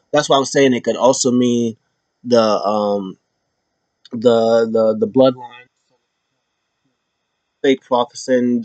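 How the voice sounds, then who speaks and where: Casual recap host, male, animated, slips into mocking voices, dull home mic. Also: no room sound. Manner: animated, acts out quotes in high mocking voices. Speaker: wrestling show recap host.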